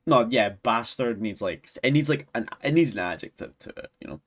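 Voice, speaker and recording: A young man with a Scottish accent talks to his stream chat at a mid-range pitch. He rambles, swears freely, restarts his sentences and keeps breaking into giggles. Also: expressive, a little fast, a bit bright. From Scotland. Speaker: live streamer. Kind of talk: casual chat with stream viewers.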